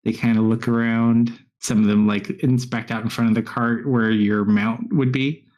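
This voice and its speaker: A man running a tabletop game as dungeon master, narrating in a relaxed, conversational way. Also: mid-range voice, normal speed. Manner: relaxed, conversational, filler-heavy.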